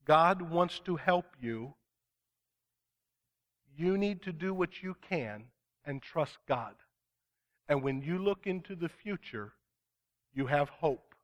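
A man preaching to his congregation, earnest and emphatic. His voice sits a little higher than most men's, and he draws out the words he wants to land. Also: animated. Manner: earnest, emphatic, slows down to stress key words. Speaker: pastor. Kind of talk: sermon.

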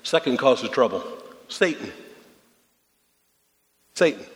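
A man's voice: mid-range voice, lively intonation, slow pace. A man pastor delivering a folksy, conversational sermon, full of rhetorical questions to the congregation. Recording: long reverb of a large hall.

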